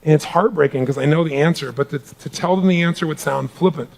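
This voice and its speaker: A middle-aged man giving a live motivational seminar talk to a large audience in a hall, booming and energetic, swinging from hushed asides to shouting. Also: fast talker, vocal fry. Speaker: motivational speaker.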